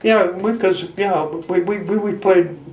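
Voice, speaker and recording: Man in his nineties, from Michigan, folksy halting storyteller, slightly high voice, roomy sound, mic set back. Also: steady tone, a little mellow, far from the mic. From Michigan, United States. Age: 90s. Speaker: veteran interviewee. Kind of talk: oral history reminiscence.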